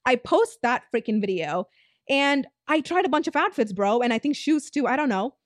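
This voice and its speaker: A woman's voice: sits high, lively intonation, moderate pace, no room sound, studio quality. A woman in her twenties hosting a podcast, telling a story in a blunt, casual way, swearing freely and saying "like" a lot. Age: 20s. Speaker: podcast host.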